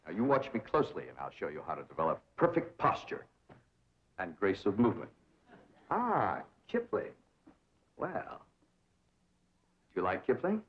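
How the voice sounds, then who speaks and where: A man's voice: lowish voice, wildly swooping pitch, normal speed, pauses often. An actor playing a pompous young society man who lectures grandly on posture and diction in a 1960s sitcom. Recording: dull 1960s TV soundtrack.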